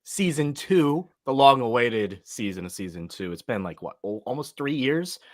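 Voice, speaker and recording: A man's voice: medium pitch, animated, normal speed, no echo, studio quality. A man hosting a casual podcast chat, upbeat and jokey, laughing often. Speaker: host.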